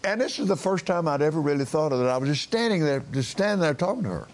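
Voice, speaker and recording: A man's voice: a little high, expressive, quick pace. A man preaching casually on a broadcast from his backyard, rambling with restarts and chuckling as he talks. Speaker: minister. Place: backyard, outdoors.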